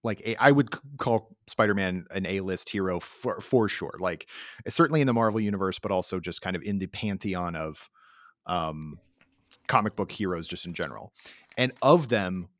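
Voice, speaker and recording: A man's voice: low voice, normal speed, dry recording, clean studio sound. A man hosting a podcast in an easygoing, joking way with hesitant fillers. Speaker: podcast host. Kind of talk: casual podcast chat.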